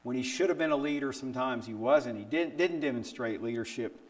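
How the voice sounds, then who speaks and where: An older man preaching a sermon, telling stories with rhetorical questions and acting out quotes with sudden jumps in pitch. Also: a little fast. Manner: animated storytelling with rhetorical questions. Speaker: pastor.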